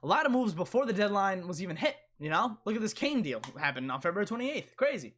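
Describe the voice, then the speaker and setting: A man's voice: high-pitched, sing-song, fast talker, fairly bright tone, slight background noise. A young man hosting a casual live stream, rambling and repeating himself as he answers chat.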